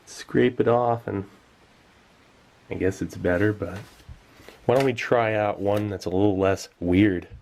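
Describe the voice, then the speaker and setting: Enthusiastic man tasting old food, low voice. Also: steady tone, a little slow, pauses often, a little mellow, a little hiss or hum. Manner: enthusiastic, chews while talking. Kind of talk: casual tasting commentary.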